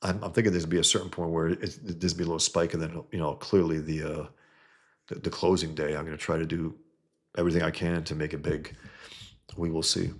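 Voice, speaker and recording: Low gravelly guy chatting on his stream, excited, keeps repeating himself. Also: fast talker. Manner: enthusiastic, repeats words. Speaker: comic creator hosting a livestream. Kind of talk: casual livestream chat.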